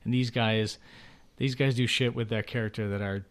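A man's voice: mid-range voice, steady tone, moderate pace. A man in his thirties, a theater writer and director, chatting casually as a podcast guest, rambling with many restarts and easy laughs.

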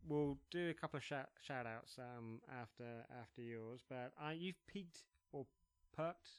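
A man's voice: medium pitch, normal speed, clean tone. A man co-hosting a podcast in casual chat, jokey and teasing, laughing often. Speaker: podcast co-host.

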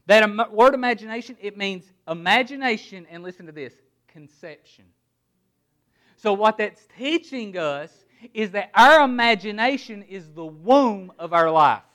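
High-voiced man preaching a sermon. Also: lively intonation, measured pace, a bit bright. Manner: emphatic preaching, word-by-word emphasis, rhetorical questions. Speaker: pastor.

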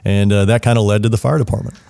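A man's voice: on the low side, steady tone, racing, vocal fry, dark tone, clean tone. A man in his forties from Oklahoma, a fire chief guest speaking in a friendly, earnest way in an interview. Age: 40s. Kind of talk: casual interview talk. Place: studio.

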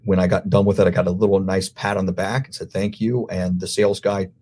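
Deep, husky man telling stories. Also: level tone, fast, dark tone. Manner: rambling storyteller, laughs easily. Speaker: podcast guest. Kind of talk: casual chat.

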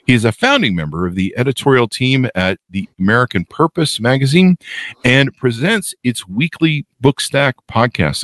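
A middle-aged male podcast host who jokes and rambles, his fairly low voice swinging up and down with animated energy. The sound is close and dry, with no room around it. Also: no echo. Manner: jokey, rambling, self-deprecating asides. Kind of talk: casual podcast interview.

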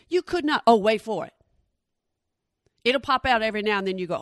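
A woman's voice: on the high side, brisk, long pauses, dry recording, clean studio sound. A woman in her forties telling a stand-up comedy story on stage through a lapel mic. She talks straight to the audience and acts out the voices of the people in her story. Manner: animated, addresses the audience directly, acts out quoted voices.

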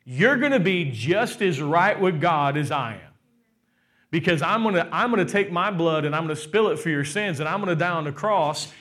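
A man preaching a sermon who quotes Jesus as a calm, reassuring man making a promise. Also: high-pitched. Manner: steady, gentle, promising.

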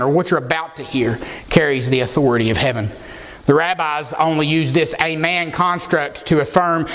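A man's voice: high-pitched, fairly bright tone. A man preaching an expository sermon as pastor, emphatic and posing rhetorical questions to the congregation. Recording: long hall reverb.

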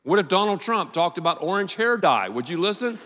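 A male pastor preaching a sermon in a joking, animated way, full of quick asides, in a large church auditorium. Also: sits high. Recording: long reverb of a large hall.

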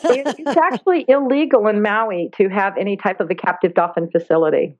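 A woman talks as an interview guest in an animated, storytelling way. She slips into the voices of people she quotes. Her voice sounds dry, with a dull, muffled line. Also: medium pitch, a little fast, no room sound. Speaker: guest, dolphin therapy program founder. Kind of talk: casual interview talk. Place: Maui, Hawaii.

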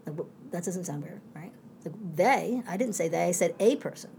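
A woman's voice: lowish voice, lively intonation, moderate pace, vocal fry, dark tone, slight background noise. A middle-aged woman professor in a conversational interview, speaking reflectively in winding asides.

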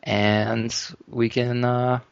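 A man's voice: medium pitch, drawn-out words, vocal fry, clear, resonant tone, no echo, lo-fi sound. A man co-hosting a casual poker podcast, laughing often and retelling hands. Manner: laughs often, lively delivery. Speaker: podcast co-host.

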